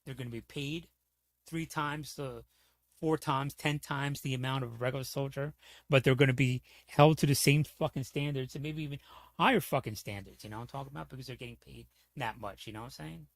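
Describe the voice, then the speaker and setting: A man holds forth on his livestream, his voice gravelly at the edges and the sound dry and close. He rants in a heated, profane, rambling way. He keeps checking in with the listener as he goes. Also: medium pitch, brisk, dry recording. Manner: heated, profane, rambling, repeats "you know what I'm saying". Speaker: streamer. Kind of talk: casual livestream rant.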